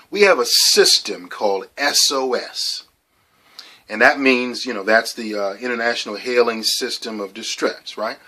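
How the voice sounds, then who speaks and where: A man hosting a documentary, giving an earnest, emphatic personal testimony that sinks to a soft near-whisper at times. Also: mid-range voice. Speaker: documentary host and storyteller.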